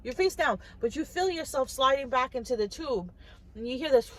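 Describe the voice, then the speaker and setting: Woman vlogger, casual first-person storytelling, chatty with frequent restarts, pitched on the high side. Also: animated, normal speed, slight background noise, poor audio. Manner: chatty, restarts and repeats words, quotes others.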